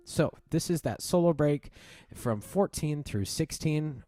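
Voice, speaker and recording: A man's voice: a little high, lively intonation, measured pace. A man teaching piano, explaining a piece and counting the swing rhythm aloud as he plays. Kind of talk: piano tutorial. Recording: loud piano music behind. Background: piano playing.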